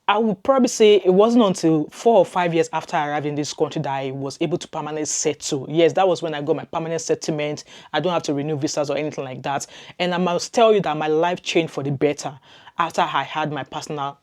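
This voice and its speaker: Speaking to her camera in a relaxed, reassuring manner, a middle-aged vlogger from Nigeria, with a heavy Nigerian accent, chats along and repeats points to stress them. Her low-pitched voice is a little mellow.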